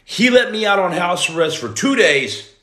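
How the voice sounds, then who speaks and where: A man in his forties hosting a casual live stream, greeting viewers by name and breaking into loud outbursts. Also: high-pitched, big pitch swings, moderate pace. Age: 40s. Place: room at home. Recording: echoey room.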